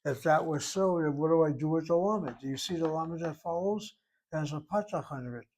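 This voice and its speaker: This Hebrew teacher records a grammar lesson, talking himself methodically through each step as he reasons aloud. His voice sits on the high side, a little mellow, and he speaks briskly.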